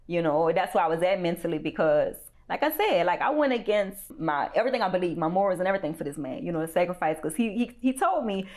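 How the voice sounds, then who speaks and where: A woman's voice: on the low side, animated, quick pace, hardly any pauses, darkish tone. A woman guest recounting a painful personal story in a rambling, candid way, full of "you know" fillers and blunt profanity. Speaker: interview guest.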